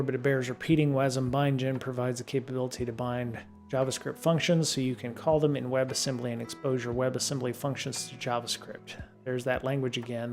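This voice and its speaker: Middle-aged man reading tech text aloud. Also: medium pitch. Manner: reads text steadily, then digresses in loose chat with many ums. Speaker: live-stream host. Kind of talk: reading a programming book aloud on a live stream. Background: faint guitar music.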